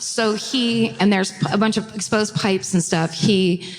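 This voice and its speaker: A woman's voice: medium pitch, steady tone, unhurried. A woman co-hosting a live true crime podcast, telling the case casually with swearing and laughing asides. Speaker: podcast co-host. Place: theater stage before a live audience. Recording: reverberant live theater sound.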